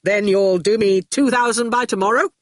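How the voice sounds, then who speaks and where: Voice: medium pitch, moderate pace, dry recording, clean studio sound, pitched above the performer's own voice, close to an everyday voice. Reader putting on Archer, a breezy scheming man. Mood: threatening. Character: cheerful scheming grown man who bullies. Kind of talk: audiobook character voice.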